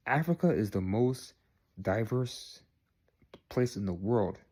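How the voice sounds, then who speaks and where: A man's voice: lowish voice, expressive, slow pace, darkish tone, breathy edge. A young man talking straight to the camera, earnest and repetitive, ending his points with "all right?". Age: young adult. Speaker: vlogger. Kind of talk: direct-to-camera monologue.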